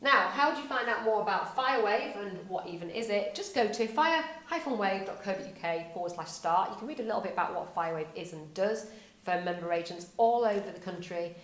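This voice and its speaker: A woman's voice: mid-range voice, lively intonation, a little fast, a bit bright. Upbeat woman explaining a marketing tip. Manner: upbeat, conversational, asks rhetorical questions. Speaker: estate agency owner presenting a marketing tip. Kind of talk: casual whiteboard explainer to camera. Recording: echoey room.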